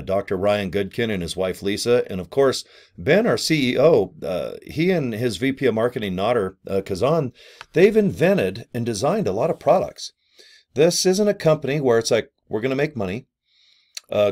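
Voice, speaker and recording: A man talking casually to camera as a marketing affiliate, animated and salesy, acting out quotes and laughing now and then. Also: lowish voice.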